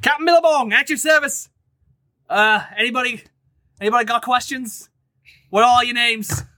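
A man voicing a boastful male tree-creature ship captain with a loud, swaggering Australian accent. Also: very high voice, normal speed, voice pushed up. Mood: hearty.

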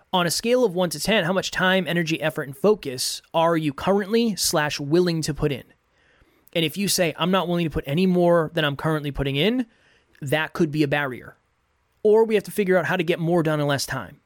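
A man's voice: a little high, no echo, clean studio sound. A man hosting a podcast, giving earnest, repetitive motivational coaching advice in a solo talk.

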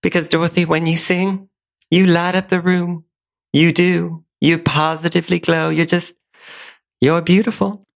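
A man's voice: fairly high pitch, flat delivery, a little slow, gravelly, pitched above the performer's own voice. A man doing a vain, gushing older woman. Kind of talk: comic scene reading.

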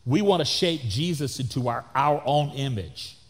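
A man, a pastor, preaching a sermon in an animated way and acting out the people he quotes. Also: mid-range voice, moderate pace, big-room sound.

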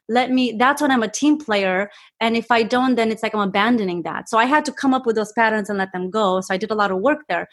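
A woman guest speaks with earnest enthusiasm in a slightly high voice. She often restarts her sentences as she speaks. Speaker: guest, health provider. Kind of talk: casual interview talk.

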